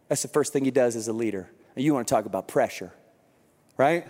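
A man's voice: medium pitch, fairly quick, darkish tone. A man preaching a sermon as a pastor, telling a personal story in a conversational way and acting out the voices of the people in it, with a congested voice. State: congested from crying. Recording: long hall reverb.

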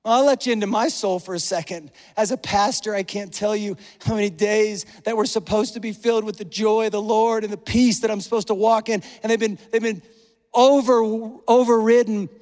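Middle-aged male pastor, high voice, earnest and emotional sermon delivery, heard in a reverberant church hall. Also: darkish tone. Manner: emotional, earnest, conversational preaching.

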